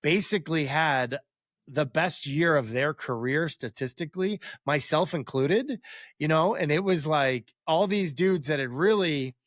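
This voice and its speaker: A man's voice: fairly high pitch, unhurried, no room sound, studio quality. A middle-aged man, a former quarterback, telling rambling stories as a podcast guest and acting out what others said. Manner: rambling, animated, acts out quotes. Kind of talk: casual interview storytelling.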